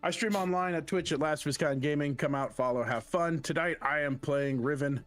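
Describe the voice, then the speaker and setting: A man's voice: a little high, a little fast, faint music behind. A man, a player and streamer, introducing himself in a joking, casual way. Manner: joking, self-promoting streamer. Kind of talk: casual chat.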